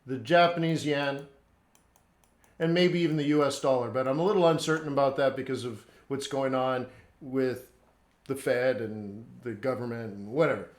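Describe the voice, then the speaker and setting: A man's voice: medium pitch, normal speed. Blunt man teaching trading, echoey room. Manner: blunt, answers chat questions, repeats points. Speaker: forex trading instructor. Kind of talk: live trading lesson.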